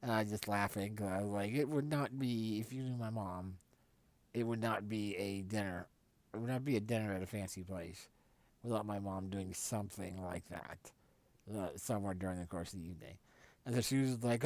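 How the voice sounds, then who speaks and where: A man's voice: fairly low pitch, moderate pace, no room sound. A man hosting a live stream, telling a casual, rambling story and correcting himself often. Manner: rambling, self-correcting, animated when quoting others.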